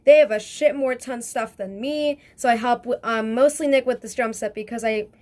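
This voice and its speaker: A young woman telling a casual storytime vlog in a chatty, excitable way, full of fillers and swearing. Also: fairly high pitch, normal speed. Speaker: vlogger.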